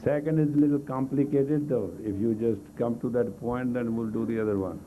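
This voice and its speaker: A man with a medium-pitched, steady voice briskly leads a live group exercise class, issuing blunt, coaxing commands in non-native English grammar. He is a meditation teacher, captured on a tinny lo-fi 1980s tape of a live talk with slight background noise.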